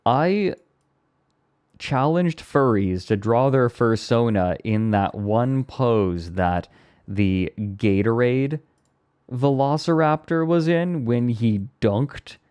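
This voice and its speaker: A man's voice: mid-range voice, expressive, slow pace, a little mellow, smooth. A man live streaming who chats casually, rambling and amused with himself. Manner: rambling, self-amused, breaks into laughter.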